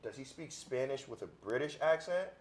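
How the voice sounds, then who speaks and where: A young man co-hosting a show in casual chat, joking excitably and tripping over his words. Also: mid-range voice, moderate pace. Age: young adult. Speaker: co-host.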